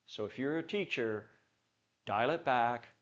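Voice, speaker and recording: Man, workshop leader, middle pitch, animated delivery, slightly muffled recording. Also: measured pace. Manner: animated, acts out examples in put-on voices. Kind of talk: workshop talk to a church audience.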